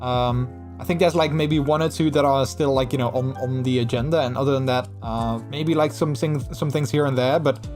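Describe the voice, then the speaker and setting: A man chatting casually on a live stream in an animated, gushing way, full of restarts. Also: mid-range voice, moderate pace, soft background music.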